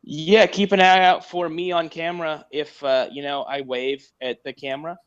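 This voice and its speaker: A man's voice: a little high, level tone, normal speed, clean tone. Joking guy on a muffled line. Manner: joking, self-deprecating, rambling. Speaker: podcast guest, sportswriter. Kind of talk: casual chat.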